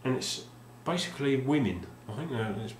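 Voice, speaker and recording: A man's voice: mid-range voice, lively intonation, a little fast, a little hiss or hum. A man casually showing off his game collection, rambling and hesitant with lots of ums and restarts. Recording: roomy sound with faint ambience.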